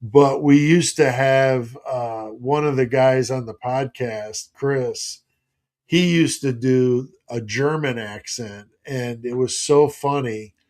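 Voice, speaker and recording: A man's voice: medium pitch, slow pace, darkish tone. Chatty middle-aged man hosting a live stream. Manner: rambling, chatty, reads out viewer comments. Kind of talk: casual live stream chat.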